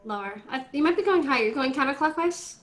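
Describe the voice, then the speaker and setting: A woman teaching an online violin class, coaching students through tuning in a brisk, directive way over a video call. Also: high voice, lively intonation, faint music behind. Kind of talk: online group class instruction. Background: faint violin notes from students.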